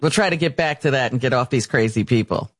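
A man's voice: medium pitch, quick pace. A man co-hosting a radio show, making dry, wry remarks. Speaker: radio co-host. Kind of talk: casual radio talk.

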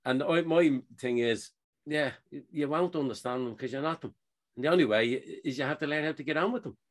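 An Irish man co-hosting a casual podcast, telling stories with lively acted-out dialogue. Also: on the high side, a little fast. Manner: animated storyteller, acts out both sides of conversations. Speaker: podcast co-host.

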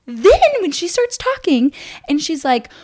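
A young woman co-hosting a casual podcast, telling an excited story fast with lots of fillers. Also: sits high, noisy background. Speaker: podcast co-host. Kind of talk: casual chat.

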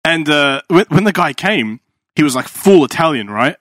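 A man's voice: fairly high pitch, expressive, normal speed, a bit bright, no room sound, studio quality. A man, telling a rambling story in casual chat. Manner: rambling, laughing, restarts.

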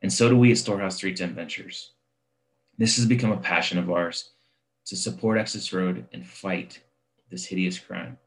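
A podcast host delivers an earnest, persuasive appeal in a very deep, low voice. He talks directly to listeners, steady and sincere. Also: normal speed, low-quality recording. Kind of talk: sponsor-style appeal read.

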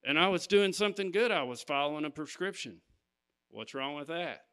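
A man's voice: on the high side, lively intonation, a little fast, bright, forceful tone. A man preaching, telling a personal story to his congregation and stopping to ask "Amen?". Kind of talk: sermon testimony.

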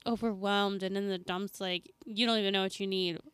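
A young woman co-hosting a faith podcast, backing her friend up with quick affirmations. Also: medium pitch, fairly even intonation, fairly bright tone, clean tone, dry recording. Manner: supportive, quick affirmations, laughs often. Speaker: podcast co-host. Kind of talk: casual faith chat.

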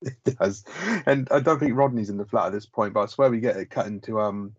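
A man's voice: on the low side, fairly quick, breathy edge, no room sound. A man co-hosting a podcast, chatting loosely about a sitcom with plenty of "like" and casual swearing. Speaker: podcast co-host. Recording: slightly muffled lo-fi audio.

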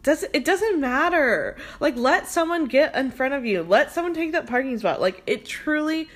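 A woman's voice: high-pitched, expressive. Chatty young woman podcaster. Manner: fast, chatty, says "like" a lot, swears freely. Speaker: podcast host. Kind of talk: casual chat.

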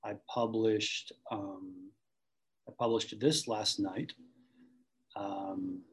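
A man's voice: lowish voice, steady tone, drawn-out words, pauses often, slightly rough, low-quality recording. A man from the Boston area, an acting coach, talking thoughtfully in an interview with many restarts. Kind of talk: conversational interview.

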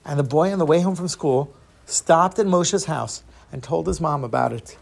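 Guy telling a story to kids, lively, lots of dramatic pauses, kinda high voice. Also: gravelly. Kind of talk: oral storytelling to children.

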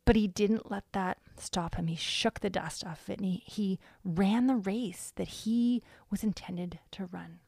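A woman's voice: medium pitch, measured pace, gravelly, few pauses, darkish tone, no echo, studio quality. Earnest woman hosting a faith podcast. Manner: earnest and conversational, with frequent ums. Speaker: podcast host. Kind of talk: faith-based devotional podcast talk.

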